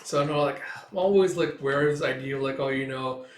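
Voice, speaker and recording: A man's voice: mid-range voice, quick pace. A man casually reading through and commenting on a comic chapter, rambling with many fillers. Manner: rambling, filler-heavy, laughs often. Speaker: manga chapter reviewer. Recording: echoey room.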